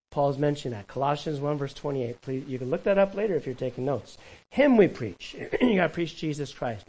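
A man preaching a sermon as pastor, animated and conversational, with quick asides to the congregation. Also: a little high, low-quality recording.

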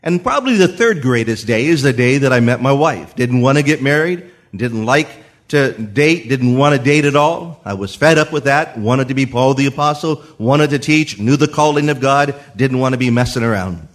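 Older guy preaching in church, animated storytelling, voice jumps all over. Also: mid-range voice, moderate pace, hardly any pauses. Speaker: pastor. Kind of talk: sermon with personal testimony.

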